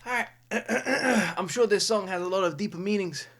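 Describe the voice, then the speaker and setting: A woman hosting a casual music reaction, exclaiming loudly, swearing a lot and laughing often. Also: mid-range voice, moderate pace. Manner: excitable, loud exclamations, heavy swearing, frequent laughter. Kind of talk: casual first-listen reaction commentary.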